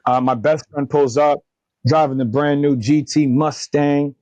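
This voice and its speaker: A man's voice: on the high side, a little slow, dry recording. A man in his thirties, a company founder and podcast guest, telling candid stories about his faith and leadership, acting out the dialogue with energy. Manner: earnest, animated retelling of dialogue, faith-driven. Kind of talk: candid interview storytelling.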